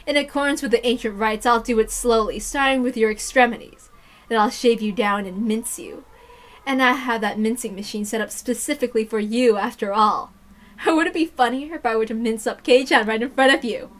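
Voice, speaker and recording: A woman voicing a cruel teenage girl villain who taunts her prisoner in a slow, menacing way. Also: fairly high pitch, lightly acted.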